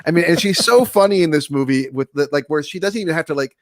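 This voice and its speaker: Man, podcast co-host, casual film chat, fairly high voice, dry close sound. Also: fast talker, no echo. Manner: rambling, swears often, acts out anecdotes.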